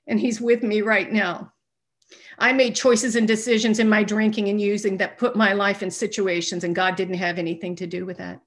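An earnest woman telling her own recovery story to a meeting. She speaks with emphasis, restarts her sentences often, and lowers to a near hush when she recounts what others said. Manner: drops to a hushed voice when retelling dialogue. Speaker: sober member sharing at a recovery meeting. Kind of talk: personal testimony share.

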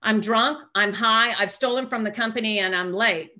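A middle-aged woman shares a personal recovery story with a group, candid and self-deprecating. Her voice is bright and clear, and the humor comes through in how frankly she tells it. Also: on the high side, moderate pace.

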